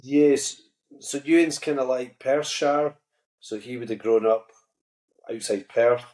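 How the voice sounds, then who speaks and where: A Scottish man, an actor guest, chatting in a relaxed way and telling stories with humor. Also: medium pitch, slow, roomy sound. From Scotland. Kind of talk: casual interview chat.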